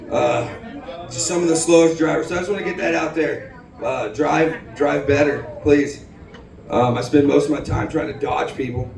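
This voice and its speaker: A man's voice: a little high, steady tone, normal speed, gravelly, a little mellow, roomy sound, far from the mic, rough recording. A man from Houston doing a rambling, self-deprecating open-mic stand-up set in a bar. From Houston, Texas. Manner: rambling, self-deprecating, many ums and restarts. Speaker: stand-up comedian. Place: bar stage.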